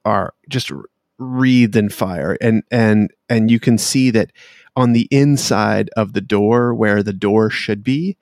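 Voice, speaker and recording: Gravelly, hesitant game master. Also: male voice, on the low side, takes it slowly, darkish tone, dry recording, clean studio sound. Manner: hesitant, many fillers. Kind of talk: narrating a tabletop game.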